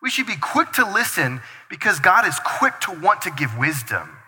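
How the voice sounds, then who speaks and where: A man preaching a sermon as pastor, energetic and full of rhetorical questions to the congregation. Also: high-pitched, moderate pace. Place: church hall. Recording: reverberant church hall.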